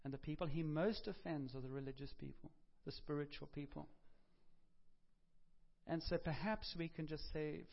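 Impassioned high-voiced male preacher. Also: steady tone, normal speed, creaky, dull audio. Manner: impassioned, swinging from loud urgent appeals to quiet reflective prayer. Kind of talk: sermon.

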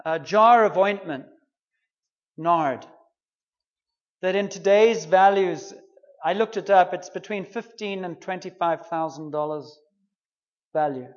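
A man's voice: high-pitched, takes it slowly, pauses often, muffled recording. A man preaching a sermon, retelling a story in an earnest, conversational way.

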